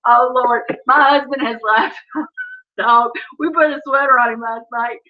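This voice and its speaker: Woman, middle-aged, high chatty voice, laughs a lot, muffled lo-fi stream sound. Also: steady tone, a little slow. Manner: chatty, laughing often, self-mocking. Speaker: livestream host. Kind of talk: casual livestream chat. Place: at home, indoors.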